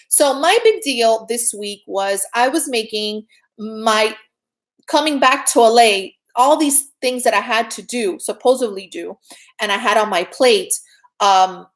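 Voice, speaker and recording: A woman's slightly higher voice carries this relaxed spiritual talk. She sounds middle-aged, earnest and conversational, and keeps checking in with her listeners. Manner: earnest, chatty, often adds "right?". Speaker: spiritual teacher. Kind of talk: casual spiritual talk to viewers.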